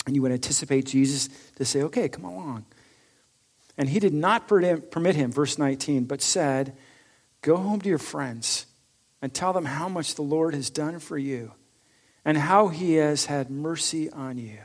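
A man preaching a sermon, reading scripture aloud with rising force and then explaining it in a lower, conversational tone. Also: normal speed, a little mellow. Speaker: pastor.

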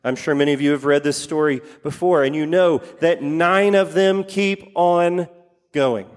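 A man's voice: a little high, measured pace, long reverb tail. A man preaching a sermon, repeating key phrases for emphasis and putting questions to his congregation. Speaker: pastor.

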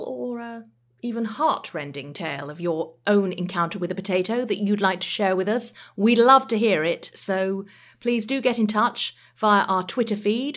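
Brisk chatty woman podcast host. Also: medium pitch. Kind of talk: podcast presenting.

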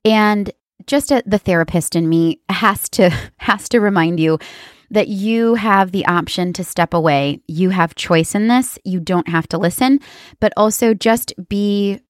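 A woman's voice: mid-range voice, no echo, studio quality. A woman therapist hosting an educational podcast, explaining earnestly and speaking straight to her listeners.

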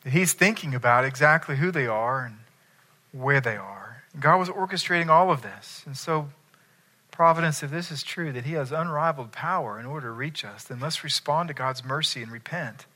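A man's voice: mid-range voice, moderate pace, pushed and bright. A man preaching a sermon, emphatic and asking his listeners questions. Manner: emphatic, asks the congregation questions. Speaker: pastor.

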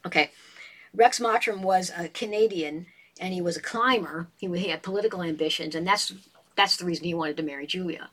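A woman in a casual book discussion, retelling a novel as an animated storyteller and reading passages aloud. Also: lowish voice, fairly quick.

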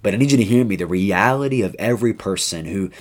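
A man who is a high school youth pastor, talking through a Bible chapter in an upbeat, chatty podcast style full of asides. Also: expressive, quick pace. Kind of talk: casual devotional podcast talk.

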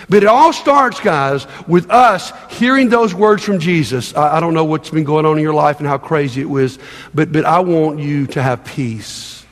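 A man's voice: high voice, big-room sound. A man preaching a sermon as pastor, conversational and emphatic, repeating himself for stress.

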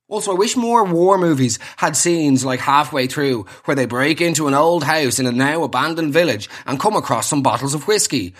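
A man's voice: on the high side, fairly bright tone. An Irish man delivering a sarcastic, exasperated comedic rant, slipping into mocking voices.

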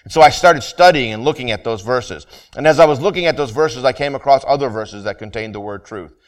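Earnest male pastor preaching a sermon. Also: medium pitch. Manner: earnest, repeats and restarts phrases, slows for scripture and prayer.

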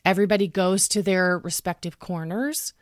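A woman in her thirties talking in a podcast, explaining calmly and earnestly and acting out what she would say to her child. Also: fairly low pitch, normal speed, no room sound, clean studio sound. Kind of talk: conversational podcast talk.

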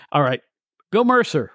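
A man with a fairly high voice talks in casual podcast chat, full of opinions and quick restarts. His voice sits close and dry with no room around it. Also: no room sound. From United States. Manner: animated, opinionated storytelling with many restarts. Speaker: podcast guest.

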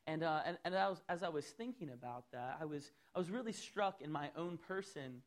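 A man preaching a sermon as pastor in a church, swinging between loud, rising appeals and soft, low asides. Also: a little fast.

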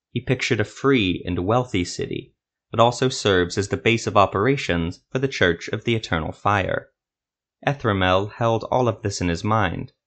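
Low-voiced man narrating a fantasy story. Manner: steady, measured storytelling.

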